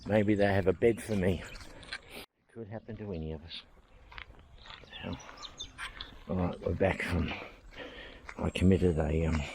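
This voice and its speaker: Excitable man rambling on an outdoor hillside walk. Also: deep voice, gravelly, slight background noise. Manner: excitable, thinks aloud, rambling asides. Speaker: vlog host exploring a historic site. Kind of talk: casual vlog commentary while walking.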